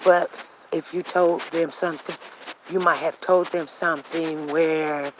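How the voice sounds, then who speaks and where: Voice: medium pitch, fairly even intonation, unhurried, a little hiss or hum, rough recording. A show host telling a personal story in a casual, rambling way and acting out conversations. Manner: rambling with frequent restarts. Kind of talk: casual talk monologue.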